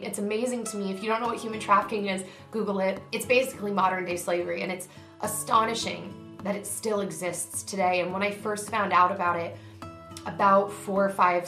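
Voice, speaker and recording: A woman's voice: medium pitch, a bit bright. Woman vlogger, heartfelt and emphatic, kinda echoey room, faint music underneath. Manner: earnest, emphatic, grows emotional. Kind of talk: heartfelt direct-to-camera vlog.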